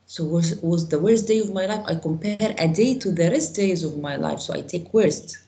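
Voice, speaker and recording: A woman teaching an English grammar class online, explaining with slow example sentences and quizzing students. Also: on the low side, vocal fry, warm tone.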